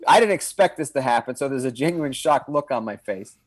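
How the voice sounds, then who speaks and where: A man telling a comic story in casual chat as a guest, with animated comic timing. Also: medium pitch, brisk, dry recording. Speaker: wrestling performer and guest.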